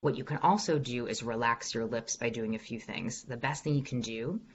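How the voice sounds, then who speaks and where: A woman executive voice coach with a bass voice, slightly rough, talks at a moderate pace through a lo-fi video call. She responds to questions in an online workshop, encouraging and upbeat while demonstrating exercises.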